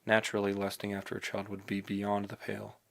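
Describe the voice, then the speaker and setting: A man narrating a novel in the first person, in a rambling, excitable inner monologue. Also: fairly low pitch, quick pace, vocal fry. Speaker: audiobook narrator.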